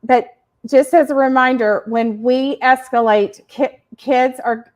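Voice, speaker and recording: A woman co-hosting a parenting show, explaining points in a casual, warm way and laughing between them. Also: sits high, fairly even intonation, a little slow. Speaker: podcast co-host.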